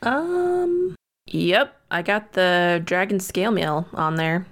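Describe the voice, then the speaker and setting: A woman's voice: on the low side, animated, takes it slowly. A woman player in a tabletop game, thinking aloud hesitantly while she decides her moves. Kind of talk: casual tabletop game chat.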